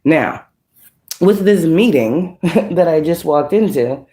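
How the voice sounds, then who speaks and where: Profane animated woman telling a dream. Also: low voice, takes it slowly. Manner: profane, animated, laughing retelling. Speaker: spiritual reader. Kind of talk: casual storytelling to an online audience.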